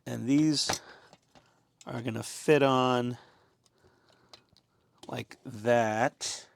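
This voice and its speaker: A man's voice: mid-range voice, fairly even intonation, drawn-out words, creaky, no room sound. A man giving casual, rambling commentary as he builds a scale model, chatty and self-deprecating.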